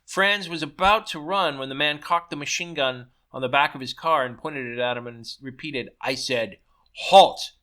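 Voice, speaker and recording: A man reading his own story aloud in a brisk way, sometimes stumbling and restarting a word. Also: on the high side, sharp tone, clean tone. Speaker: story reader.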